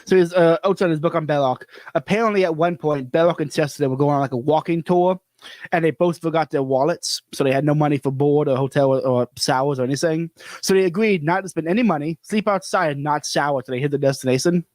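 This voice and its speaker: A man's voice: a little high, fast talker, darkish tone, no echo. A man hosting a podcast, telling stories animatedly and laughing often in casual conversation. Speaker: podcast host.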